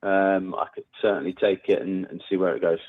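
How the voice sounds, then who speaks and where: A man's voice: low-pitched, fairly even intonation, a little fast. A man answering a sales call, polite, laid-back and a bit hesitant, heard over a phone line.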